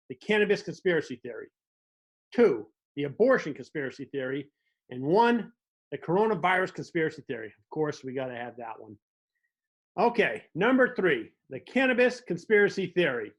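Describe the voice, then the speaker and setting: Guy hosting a community tv show, kinda high voice, wry joking monologue. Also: sing-song, moderate pace. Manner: wry storytelling, mock dialogue. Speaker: host. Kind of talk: comedic monologue.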